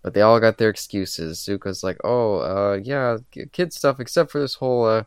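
Co-host, male, deep voice with a gravelly edge, dry close sound, retells scenes with little voiced lines. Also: moderate pace, no room sound. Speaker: podcast co-host. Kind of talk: casual chat.

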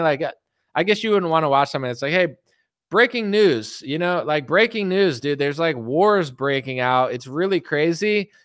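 Streamer host, male, animated riffing commentator, smooth clear voice, dry recording. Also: fairly high pitch, no echo. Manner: animated, lots of "like" and restarts, slips into mock voices.

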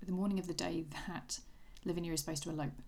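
A woman co-hosts a casual book podcast, wry and chatty, sometimes reading passages aloud. Her voice sits lowish with a steady gravelly texture. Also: quick pace. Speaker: podcast co-host.

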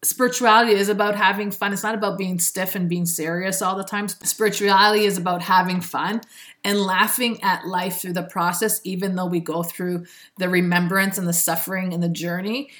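This spiritual self-help speaker talks fairly quickly and steadily in a mid-range, fairly bright voice. Her motivational monologue is earnest and preachy, and she often bursts into laughter.

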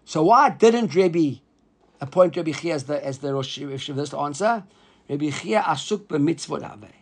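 A man teaching a Talmud class, explaining the text in an animated way and acting out the rabbis he quotes. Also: fairly high pitch, normal speed, slightly rough. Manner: mixes Hebrew and Aramaic terms into English.

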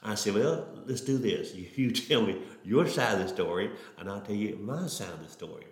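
A man's voice: fairly low pitch, lively intonation, fairly quick. A middle-aged man, a preacher telling his testimony in an earnest, folksy way with many restarts. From Oklahoma. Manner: folksy, earnest, repetitive starts. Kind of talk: testimony storytelling. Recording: roomy echo.

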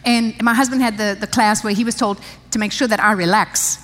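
A woman's voice: mid-range voice, steady tone, fairly quick, a bit bright. A woman pastor from South Africa, telling a personal story in a chatty sermon, laughing often and restarting her sentences. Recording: long reverb of a large hall.

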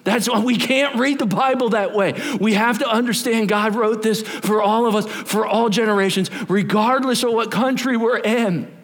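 A man, a pastor, preaching a sermon in church, chatty and animated, bantering with the congregation and asking them questions. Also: sits high, normal speed, few pauses.

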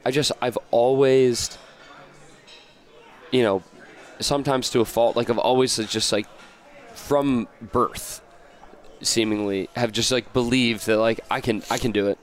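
An American man talking casually as a podcast guest, rambling and animated, with many restarts and fillers. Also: mid-range voice, unhurried, long pauses. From United States. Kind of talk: casual interview chat.

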